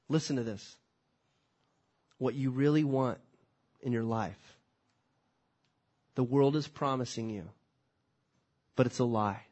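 A man's voice: medium pitch, unhurried, pauses often, darkish tone. A man preaching a sermon as pastor, impassioned and conversational, asking rhetorical questions.

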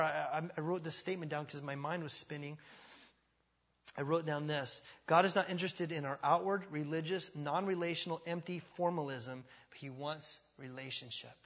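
A male pastor preaching a sermon in a church, emphatic and repetitive, swinging from quiet to loud. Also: fairly high pitch. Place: church sanctuary. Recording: long church reverb.

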